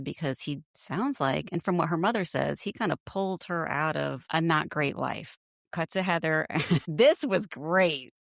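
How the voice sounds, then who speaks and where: A woman with a somewhat low voice co-hosts a casual podcast and talks bluntly about reality TV. She swears freely and slips into acted-out quotes. Her sound is dry and close, with no room around it. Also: creaky, dry recording. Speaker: podcast co-host. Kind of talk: casual reality-TV recap chat.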